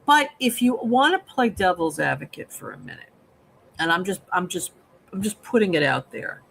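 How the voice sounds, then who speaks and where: A man's voice: high-pitched, very animated, moderate pace, gravelly, a bit bright, a little hiss or hum, poor audio. A man co-hosting a live film review, explaining his ideas patiently like a therapist and checking in with "okay?" as he talks. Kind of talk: live casual review chat.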